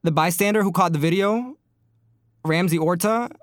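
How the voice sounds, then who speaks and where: Man, high voice, dry close sound, angry profane commentary, sarcastic. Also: normal speed, no echo. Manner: profane, incredulous, mocking. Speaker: commentary host. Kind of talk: heated commentary.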